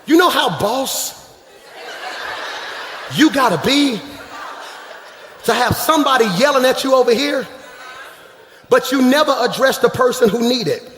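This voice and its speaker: A man preaching a sermon as pastor, shouting and half-singing his lines, calling out to the congregation from the stage. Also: very high voice, expressive, unhurried, pauses often, slight background noise. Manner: shouting, sing-song preaching with crowd call-outs. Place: large church hall. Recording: echoey live church hall.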